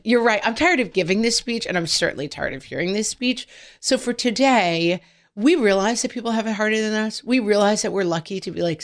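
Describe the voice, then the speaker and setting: A middle-aged woman co-hosting a podcast, chatting casually and telling animated stories. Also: on the low side. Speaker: podcast co-host.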